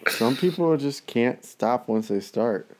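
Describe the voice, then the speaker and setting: A man in his thirties, a dad, in casual chat, blunt and quick to swear, laughing along. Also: mid-range voice, lively intonation. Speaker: friend chatting, a dad.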